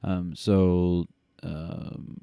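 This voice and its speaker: A man's voice: low-pitched, level tone, extremely slow, creaky, mellow, smooth, no room sound. A man co-hosting a podcast, reading news aloud and commenting in a rambling way with many fillers. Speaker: podcast co-host.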